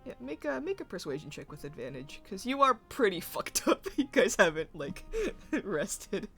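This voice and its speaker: A laughing, casual game master who swears freely while running a tabletop session. The voice sits at an average pitch, and faint music plays behind. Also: big pitch swings, moderate pace, fairly bright tone.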